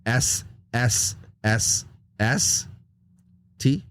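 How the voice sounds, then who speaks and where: A man's voice: mid-range voice, very slow, a bit bright, no echo, clean studio sound. A man co-hosting a podcast, swearing and laughing often in casual movie banter. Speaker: podcast co-host.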